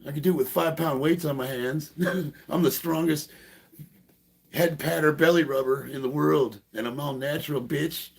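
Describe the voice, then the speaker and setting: A man's voice: a little high, normal speed, creaky, slightly rough, pitched above the performer's own voice. A man putting on the voice of a boastful, unhinged male gym hater in a mocking, taunting tone.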